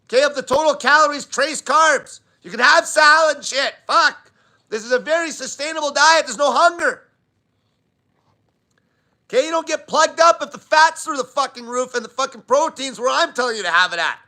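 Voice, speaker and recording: A man's voice: very high-pitched, moderate pace, bright, forceful tone. A man hosting a live diet Q&A, talking bluntly and swearing constantly in an emphatic rant. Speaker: diet channel host.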